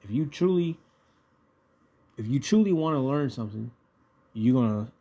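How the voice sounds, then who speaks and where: A man's voice: medium pitch, expressive, moderate pace, dark tone. A man teaching scripture in a loose, conversational way, reading verses and often checking in with the listener. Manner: conversational, keeps checking in with "right?". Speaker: Bible teacher.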